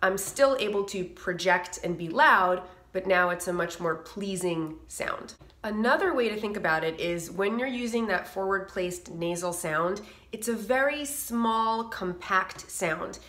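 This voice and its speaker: Bright-voiced woman vocal coach, echoey room. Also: medium pitch, unhurried, hardly any pauses. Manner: explains with sung demos and nasal sound effects. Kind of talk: singing lesson to camera.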